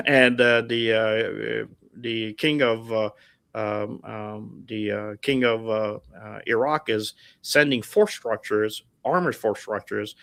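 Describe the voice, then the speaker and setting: A man's voice: fairly low pitch, steady tone, slow pace, creaky, fairly bright tone, no echo. A middle-aged man in a casual chat, telling stories with energy, full of fillers, laughing and putting on voices for the people in them. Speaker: guest storyteller. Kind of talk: casual storytelling. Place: home setup over a livestream call. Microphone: remote call mic.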